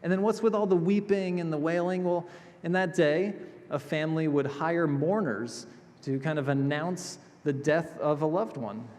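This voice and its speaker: A male pastor delivering a sermon in a chapel, expressive, moving between emphatic passages and hushed, gentle ones. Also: a little high, moderate pace. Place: chapel sanctuary. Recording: reverberant chapel hall.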